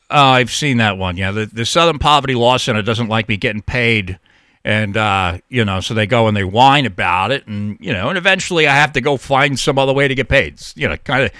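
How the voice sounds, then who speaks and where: A man's voice: mid-range voice, pushed and bright, no room sound, clean studio sound. A man hosting a call-in show, rambling, profane and stammering through restarts in a casual monologue. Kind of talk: casual talk radio monologue.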